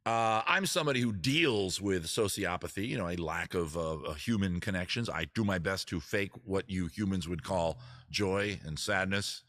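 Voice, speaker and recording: A man hosting a casual livestream, rambling and self-mocking with deadpan asides. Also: sits low, moderate pace, no room sound. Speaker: livestream host. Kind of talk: casual livestream chat between songs.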